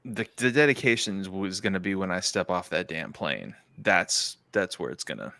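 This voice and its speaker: A man on a casual livestream chat who sounds worn out from days of exercise and talks slowly and wearily, swearing as he goes. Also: sits low, lively intonation, gravelly, pushed and bright, no echo. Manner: weary, slow, swears. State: tired from exercise.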